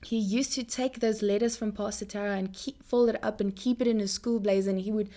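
A young woman speaking earnestly in a Christian faith talk to her viewers, often repeating words as she goes. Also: brisk. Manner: animated pitch jumps.

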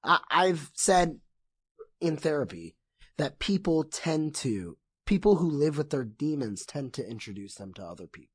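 A man talking as a podcast guest in casual chat, impassioned and excitable, swearing often. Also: on the high side, moderate pace, slightly rough, dry recording, studio quality.

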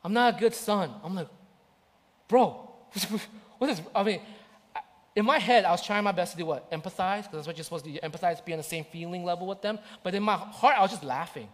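High-voiced preaching man. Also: fast. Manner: impassioned, repetitive preaching. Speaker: pastor. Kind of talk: sermon. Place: church. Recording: church hall reverb.

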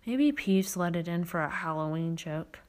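A woman's voice: on the low side, animated, moderate pace, a little mellow, natural voice. Storybook boy, eleven, grumpy and snappish, read by a woman in her own voice. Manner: snappish, sulky. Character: grumpy sulky eleven-year-old boy.

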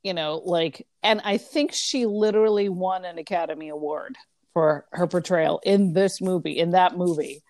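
A woman's voice: lowish voice, normal speed, darkish tone, no room sound, clean studio sound. A woman co-hosting a podcast, talking in a rambling, casual way with plenty of fillers. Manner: rambling, filler-heavy, chatty. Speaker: podcast co-host. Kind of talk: casual chat.

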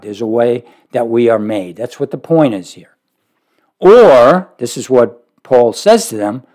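A man delivering a sermon in a mid-pitched voice. He presses his points with sudden forceful rises, then drops to quiet, low asides. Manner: emphatic, rising to forceful peaks then dropping low. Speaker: preacher.

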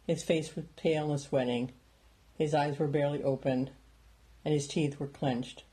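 A man narrating a story in a steady, plain reading voice. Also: on the high side, moderate pace. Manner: plain steady reading, small lifts for dialogue. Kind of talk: audiobook narration.

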